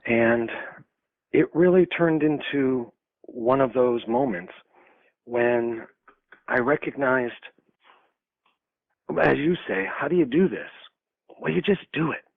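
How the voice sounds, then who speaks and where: A man's voice: mid-range voice, slow pace, creaky, long pauses, no echo. A man in his sixties from upstate New York, a podcast guest telling a personal story with laughs and acted-out dialogue. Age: 60s. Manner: animated storyteller, laughs often, acts out dialogue. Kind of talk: storytelling interview. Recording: dull lo-fi dry sound.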